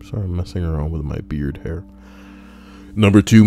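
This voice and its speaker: A man's voice: low voice, normal speed, long pauses, warm tone, faint music behind. A man hosting a live stream, reading online posts aloud in a casual way and breaking off for playful, mock-dramatic comments. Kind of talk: casual reading with joking asides.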